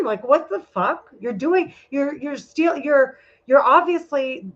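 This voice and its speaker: A woman's voice: high voice, lively intonation, takes it slowly. Heated, swearing woman on muffled audio. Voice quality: profane, rambling, heated. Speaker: vlogger. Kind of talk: casual vlog monologue. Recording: muffled lo-fi recording.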